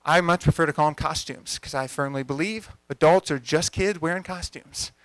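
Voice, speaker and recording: A man's voice: fairly high pitch, moderate pace, fairly bright tone, no echo. A young man in his twenties giving a conversational talk at an event as a coach, telling a story energetically and acting out the dialogue. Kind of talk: storytelling talk to a live audience. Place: event venue.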